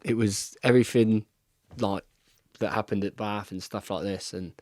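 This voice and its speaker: A man, an excitable guest who keeps saying "mate" and trails off mid-sentence. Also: lowish voice, normal speed, dry recording, clean studio sound. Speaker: podcast guest, rugby player. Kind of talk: casual chat, reacting to match footage.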